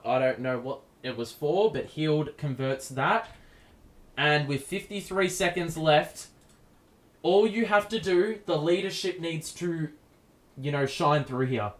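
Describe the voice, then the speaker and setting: A young Australian man giving excitable, foul-mouthed fan play-by-play on a live stream, yelling at big plays. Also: a little high. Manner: excitable, swears casually, yells at big plays. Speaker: streamer hosting a game watchalong. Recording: echoey room.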